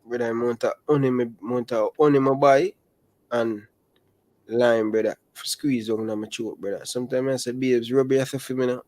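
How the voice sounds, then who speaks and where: A young adult man with a Jamaican accent, chatting casually about football in animated patois. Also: medium pitch, normal speed, dry recording. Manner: animated, speaks Jamaican patois and calls listeners brother. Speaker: football channel host. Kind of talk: casual chat.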